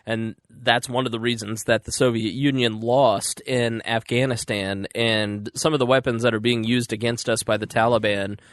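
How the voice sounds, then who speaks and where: A man co-hosting a casual podcast, explaining things at length in a steady storytelling way. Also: medium pitch, moderate pace, hardly any pauses, no room sound, clean studio sound. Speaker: podcast co-host. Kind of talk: casual chat.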